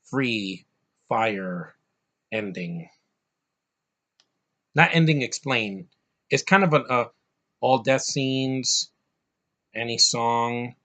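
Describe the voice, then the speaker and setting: A man rants through a casual movie review, rambling and profane, in a voice of middling pitch. He swings between heated outbursts and muttered asides. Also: very slow, long pauses, a bit bright.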